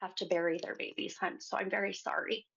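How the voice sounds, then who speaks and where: A woman hosting a psychic show, giving a gentle reading to a caller and calling her hon. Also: mid-range voice, steady tone, fast, vocal fry, husky. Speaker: psychic medium host. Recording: muffled lo-fi sound.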